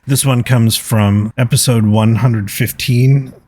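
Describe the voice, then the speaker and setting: A man's voice: mid-range voice, steady tone, slow, darkish tone, husky. A man hosting a podcast alone, speaking in an earnest, reflective way as he reads out listener comments. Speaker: podcast host. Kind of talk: solo podcast talk, reading listener comments.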